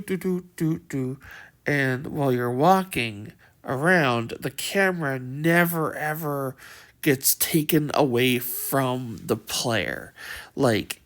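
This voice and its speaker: A man casually pitching a game idea, rambling with lots of fillers and swearing. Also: a bit bright. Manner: rambling, profane, full of fillers. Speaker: video creator.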